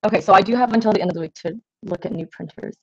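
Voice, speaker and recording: A woman's voice: mid-range voice, very fast, breathy edge. Chatty woman painting on a livestream. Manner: scattered and self-deprecating, many fillers and okays. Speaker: artist livestreaming to patrons. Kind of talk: casual livestream chat while painting. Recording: slightly dull lo-fi livestream audio.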